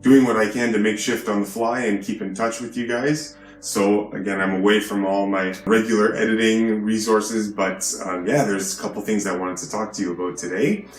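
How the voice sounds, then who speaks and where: A man with a low voice lectures emphatically in his vlog, often tagging "right?" onto his points. He talks from a hotel room with a roomy echo and faint music behind him. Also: fairly even intonation, normal speed, hardly any pauses. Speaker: video host. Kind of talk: preachy vlog monologue.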